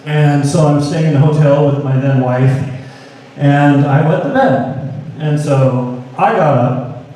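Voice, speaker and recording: A man's voice: a little high, slow pace. A middle-aged man from Seattle doing a stand-up set, rambling and correcting himself with many fillers, with wry self-mocking humor. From Seattle, US Pacific Northwest. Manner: wry, deadpan self-mockery. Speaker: stand-up comedian. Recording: echoey live room, mic from a distance.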